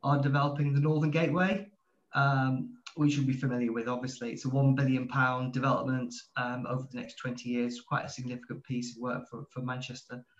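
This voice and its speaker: A man's voice: mid-range voice, little pitch movement, fairly quick. A man speaking as a panel guest on a video call, fluent and businesslike. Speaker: university partnerships director. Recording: echoey, dull lo-fi call audio.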